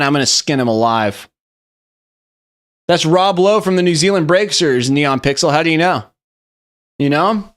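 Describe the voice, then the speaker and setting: Profane young male streamer. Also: on the high side. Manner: loose and profane, reacting aloud, rambling. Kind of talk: casual live-stream meme review.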